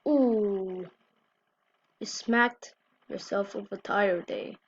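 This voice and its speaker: A woman's voice: medium pitch, drawn-out words. A woman giving casual reaction commentary on fail clips as a YouTuber, exclaiming short reactions. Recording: dry, dull lo-fi recording.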